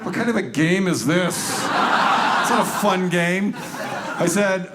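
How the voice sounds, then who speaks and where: A man doing a stand-up comedy routine on stage, telling sarcastic, deadpan stories and acting out the people in them. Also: sits high, slow, heavy background noise. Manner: deadpan, sarcastic storytelling with acted-out quotes. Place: comedy club stage before a live audience. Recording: stage recording with loud audience laughter.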